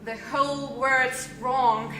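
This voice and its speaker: A woman acting a wistful mother of the bride on stage, halting and repeating herself. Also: high voice, fairly even intonation, pushed and bright, heavily acted. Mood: tearful. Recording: echoey stage audio with music.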